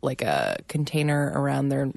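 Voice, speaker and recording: A woman with a strikingly low voice chats as a podcast co-host and mother. She sounds enthusiastic, and her pitch moves around a lot. The recording is dry and close. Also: very animated, moderate pace, gravelly, darkish tone, no echo. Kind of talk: casual chat.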